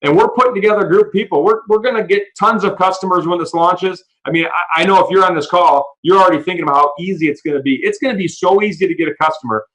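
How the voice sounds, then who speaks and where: A man presenting a business opportunity on a call, excitedly telling stories and acting out the dialogue. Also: high-pitched, low-quality recording. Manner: excited storyteller, acts out quoted dialogue; talks fast, restarts sentences when fired up. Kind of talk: animated sales pitch on a call. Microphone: audio call.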